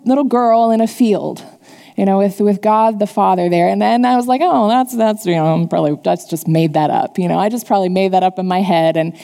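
A woman's voice: mid-range voice, mellow. A woman giving a sermon to her church, telling a personal testimony in an earnest, confessional way before turning to teach the congregation. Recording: long hall reverb.

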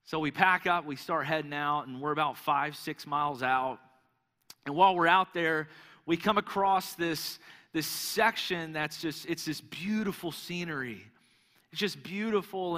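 A young male pastor preaches in a large church hall, his voice bright and ringing with a long echo trailing behind it. He tells his story animatedly, restarting phrases as he goes. His voice sits a little high for a man. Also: normal speed. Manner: animated storytelling, repeats words when starting a thought. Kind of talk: sermon.

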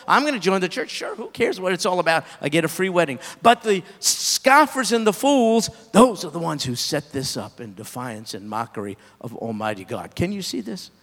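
Emphatic high-voiced preaching man. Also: fairly bright tone, in a large hall. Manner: emphatic, rising and falling preaching delivery. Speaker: pastor. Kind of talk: sermon.

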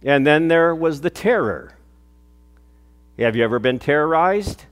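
Older male pastor, earnest storytelling sermon, slightly high voice, long church reverb. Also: animated, measured pace, smooth. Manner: earnest storytelling preacher, rising with emphasis and dropping soft on key phrases.

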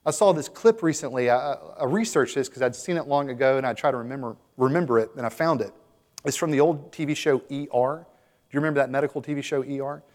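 A man's voice: mid-range voice, quick pace, a little mellow. Earnest preacher man in an echoing hall. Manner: earnest, emphatic, building to exhortation. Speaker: pastor. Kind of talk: sermon. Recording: long hall reverb.

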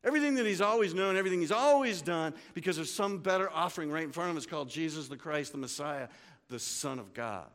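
A man preaching a sermon to his congregation, swinging from hushed, slow lines to loud, urgent ones. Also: on the high side, lively intonation. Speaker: pastor. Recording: long hall reverb.

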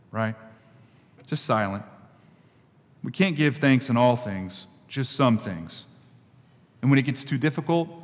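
A man's voice: medium pitch, long reverb tail. A male pastor giving a conversational sermon, repeating key phrases for emphasis.

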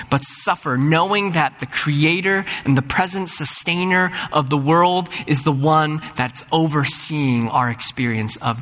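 A middle-aged man preaches a sermon with a slightly raised pitch. His delivery is earnest, often doubling words at the start of a thought, and climbs to fervent peaks. The voice rings out with a long hall reverb from a church sanctuary. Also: fairly bright tone. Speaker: pastor.

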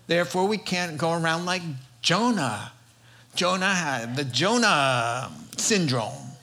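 A man preaches a sermon in a fairly high, bright and forceful voice. He tells a story with heavy emphasis and builds his points through repeated rhetorical lists. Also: animated, slow.

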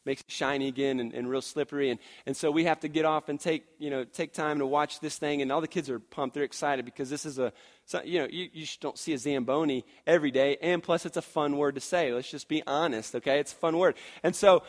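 A male pastor in his thirties delivering a sermon in a voice that sits high for a man. He moves between loud, emphatic passages and hushed, confiding storytelling, often restarting with "and, and". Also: fairly even intonation, fast.

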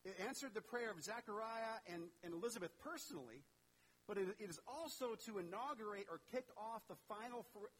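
A man's voice: high voice, a bit bright, slightly rough, poor audio. A man preaching a sermon in a conversational way, asking questions and acting out the characters in the story. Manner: conversational, asks the audience questions, acts out voices. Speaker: pastor.

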